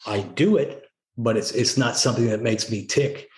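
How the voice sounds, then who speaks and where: Speaking at a normal speed in a mid-range voice, this middle-aged man once led Navy SEALs and now swaps stories as a podcast guest. The interview is relaxed, the space echoey, and his lively telling is peppered with "you know" and "right?"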